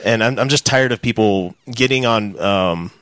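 A man co-hosting a casual podcast, talking in halting bursts as he searches for words. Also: on the low side, a bit bright, no room sound. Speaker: podcast co-host. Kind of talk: casual chat.

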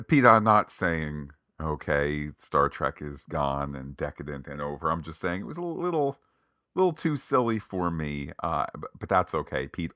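A man co-hosting a casual podcast, recapping an episode in a playful, animated way with lots of jokey asides. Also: very deep voice, no echo, studio quality. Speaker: podcast co-host.

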